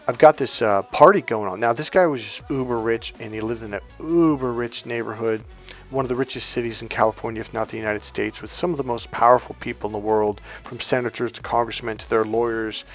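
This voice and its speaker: A man's voice: mid-range voice, fairly quick, faint music behind. A middle-aged man, a life coach, telling a personal story in casual, chatty monologue and acting out the dialogue. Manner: chatty, retells dialogue with lively shifts, swears casually.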